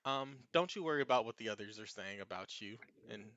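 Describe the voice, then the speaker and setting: A man's voice: lowish voice, animated, brisk, a bit bright, no echo, muffled recording. A man voicing a cheerful little hobbit woman who works a school food counter, sweet and doting. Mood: soothing.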